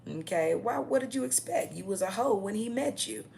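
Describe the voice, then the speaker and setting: A woman's voice: mid-range voice, expressive, normal speed, vocal fry, a little mellow, slight background noise. A young adult woman ranting to camera in a blunt, mocking, profane way, often tagging her points with "okay?". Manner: repeats "okay?" as a tag. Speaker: vlogger.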